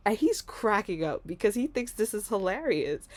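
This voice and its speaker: A woman's voice: moderate pace, few pauses, no echo. A young woman chats through a storytime for her channel, laughing often and acting out the people in it. Her voice sits in a middling range but swings widely and expressively. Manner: animated, laughing, acts out voices with big pitch jumps. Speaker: vlogger. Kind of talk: casual storytime.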